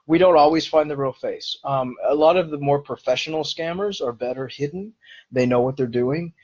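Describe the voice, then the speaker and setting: A man's voice: fairly high pitch, normal speed, a little mellow, muffled recording. A man hosting a live-streamed Q&A, answering viewer questions in an earnest, explanatory way.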